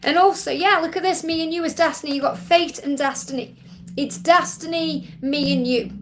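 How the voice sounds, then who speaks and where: A woman's voice: sits high, fairly even intonation, moderate pace, a little hiss or hum. A woman hosting a live Q&A as a psychic reader, soothing and reassuring, repeating key phrases and often checking in with "okay?". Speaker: psychic reader answering viewer questions. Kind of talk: live-stream Q&A card reading.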